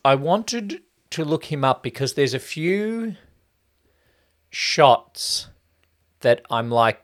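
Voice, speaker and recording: A man's voice: medium pitch, big pitch swings, takes it slowly, long pauses, fairly bright tone. A man co-hosting a casual movie review podcast, dissecting scenes and parodying line readings with exaggerated emphasis. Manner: mimics lines with exaggerated emphasis. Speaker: podcast co-host.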